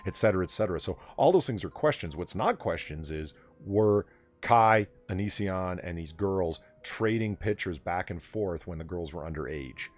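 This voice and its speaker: Animated man hosting a late-night chat. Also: low voice, normal speed. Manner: animated storyteller, swears freely. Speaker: stream host.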